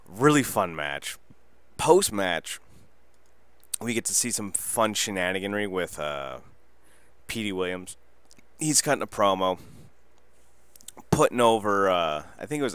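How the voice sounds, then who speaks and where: Deep-voiced man, dry casual podcast talk. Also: normal speed, long pauses, no echo. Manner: rambling, excitable, swears freely. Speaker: wrestling podcast host. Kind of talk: casual solo review.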